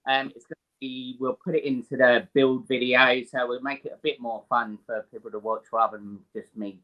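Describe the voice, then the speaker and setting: A man's voice: mid-range voice, little pitch movement, brisk, lo-fi sound. A man chatting as a guest in a casual talk, upbeat and easygoing. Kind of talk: casual chat.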